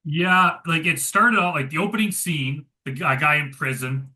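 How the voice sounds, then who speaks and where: A man's voice: a little high, normal speed, pushed and bright. A man co-hosting a casual movie review chat, rambling with lots of filler words. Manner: rambling, heavy use of "like" fillers.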